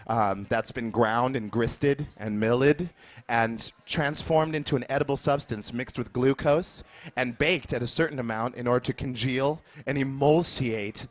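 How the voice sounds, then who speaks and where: A man's voice: medium pitch, fairly bright tone. Man rambling through absurd improvised stand-up. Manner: rambling, absurd, shifts into quick voices. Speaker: comedian. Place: live jazz club stage.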